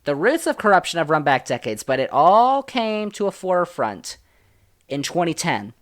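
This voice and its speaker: Man, sports podcast host, opinionated, emphatic, loud-soft swings. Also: on the high side, sing-song, normal speed. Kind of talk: solo sports podcast commentary.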